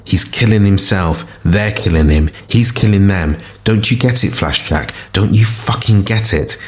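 A man's voice: low-pitched, measured pace. A man voicing a furious male shadow monster in a fiction reading, snarling and swearing.

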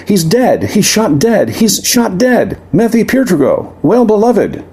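A man voicing a terrified young saloon girl who cries out in a high, desperate squeal. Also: sing-song, a little slow, a little mellow, husky, exaggerated voice. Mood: panicked.

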